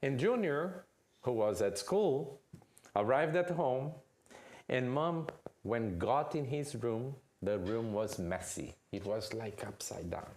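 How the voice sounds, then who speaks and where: A man giving a lecture at a spiritist center, telling a family story with lively delivery and often asking "okay?". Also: medium pitch, slow pace. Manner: animated storyteller, checks in with "okay?".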